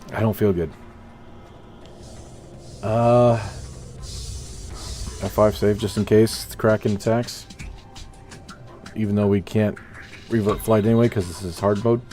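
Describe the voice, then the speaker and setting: A young man with a low, mellow voice narrates his own gameplay in loose, rambling commentary. He talks himself through each move and answers viewers between tries. Faint music plays behind him. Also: slow pace, pauses often. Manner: rambling, self-talking, chats with viewers. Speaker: gaming streamer.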